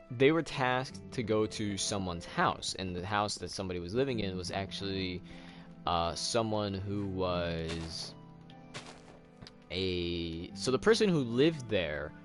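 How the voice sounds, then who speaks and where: A man hosting a let's play, chatting casually and rambling loosely as he tells a long story. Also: fairly low pitch. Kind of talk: casual chat while gaming.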